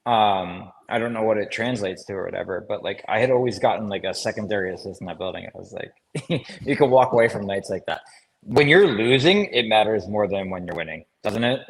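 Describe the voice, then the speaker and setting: A man in his thirties tells casual stories from his playing days, laughing often as he goes. His voice sits low and has a husky, slightly breathy edge. He sounds relaxed and chatty, like a co-host on a sports talk show. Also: brisk. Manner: laughing storyteller, animated anecdotes. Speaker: co-host, former player.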